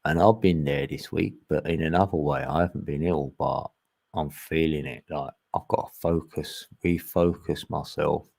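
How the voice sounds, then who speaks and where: A man's voice: extremely low pitch, fairly even intonation, normal speed, vocal fry, darkish tone. A man, chatting casually as a channel host, laid-back and laughing often. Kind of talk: casual chat.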